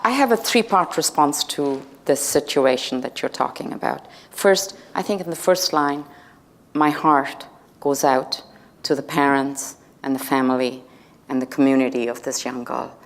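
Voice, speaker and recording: A woman from India, a senator and guest lecturer, answering an audience question in a measured, composed way. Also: very deep voice. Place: lecture hall.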